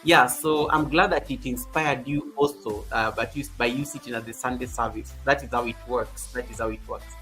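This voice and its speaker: A man's voice: mid-range voice, normal speed, few pauses, bright, forceful tone. A man hosting a livestream, chatting casually and greeting viewers by name while repeating his phrases. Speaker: livestream host. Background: faint background music.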